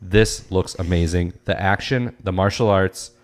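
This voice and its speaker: A man co-hosting a podcast in casual chat, with a dry, deadpan sense of humor. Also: low-pitched, measured pace. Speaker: podcast co-host.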